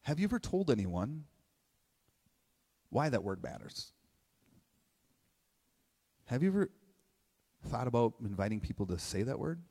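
A middle-aged man giving a motivational talk to a live audience, his voice sitting at an ordinary middle pitch. He talks in a loose, animated way, firing off questions and checking in with "right?". A long hall reverb trails after every phrase. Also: unhurried, long pauses, breathy edge. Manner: conversational, animated, asks many questions, keeps tagging "right?". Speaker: motivational speaker.

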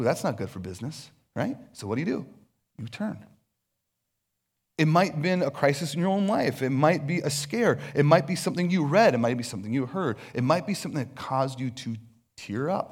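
A pastor preaches on stage before a congregation in a loose, conversational style, acting out little voices as asides. His male voice is on the high side and husky.

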